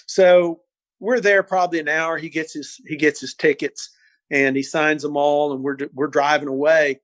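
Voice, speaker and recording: Animated older man telling stories. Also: fairly high pitch, normal speed, no room sound. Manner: animated, repeats words, acts out voices. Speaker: interview guest. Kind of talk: storytelling interview.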